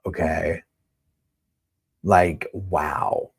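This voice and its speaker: Male live-stream host, deep husky voice, casual running commentary. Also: steady tone, very slow. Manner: chatty, reads out viewer comments and news statements. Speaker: host of a live true-crime chat stream.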